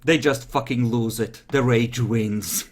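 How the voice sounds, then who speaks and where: A man narrating a tabletop game as game master, laid-back and foul-mouthed. His voice sits in an ordinary middle pitch, and he describes the action in a loose, offhand way. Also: steady tone, measured pace, a little mellow, a little hiss or hum. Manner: casual, swears freely, offhand narration.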